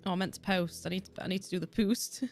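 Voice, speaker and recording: A woman's voice: fairly low pitch, fairly even intonation, fast talker, a little hiss or hum. A young woman with a Yorkshire accent chatting casually and rambling while she streams a game, swearing freely and often laughing. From Yorkshire, England. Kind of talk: casual livestream chat while gaming. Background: soft background music.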